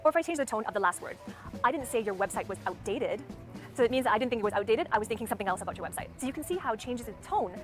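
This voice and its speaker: Rapid-fire instructional woman over music. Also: fairly high pitch, expressive. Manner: methodical, demonstrates stress and tone aloud. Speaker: speaking coach. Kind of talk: instructional talk. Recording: clear background music under voice.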